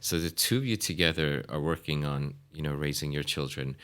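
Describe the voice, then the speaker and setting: A man's voice: rumbling low, a little fast, a bit bright. A man hosting a podcast, earnest and affirming, often repeating words as he speaks. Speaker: podcast host. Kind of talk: casual interview conversation.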